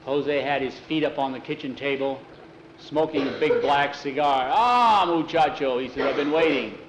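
A man's voice: medium pitch, steady tone, normal speed, echoey room, background noise, natural voice. A man voicing a lazy, cigar-smoking older man with an easygoing drawl. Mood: welcoming.

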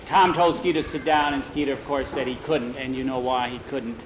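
A man telling a homespun family story aloud in an easygoing, unhurried way, voicing the characters as he goes. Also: mid-range voice, level tone, reverberant, lo-fi sound, noisy background. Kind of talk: oral storytelling.

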